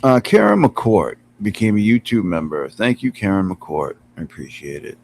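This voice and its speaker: This streamer speaks at normal speed in a fairly low, slightly mellow voice with big pitch swings, and the rough recording has a little hiss or hum. Chatting casually with viewers from home, he laughs often and coos at his cat while sitting some way from his computer mic.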